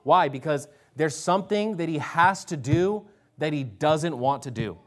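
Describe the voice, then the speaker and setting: A man's voice: fairly high pitch, lively intonation, unhurried. A man preaching a sermon, exhorting his listeners and reading scripture aloud with emphasis. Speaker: pastor.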